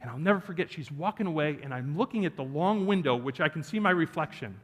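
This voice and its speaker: A little high and fast, the man's voice carries through a church sanctuary's hall reverb as he preaches. Animated, he shares a personal story and trades jokes with the congregation.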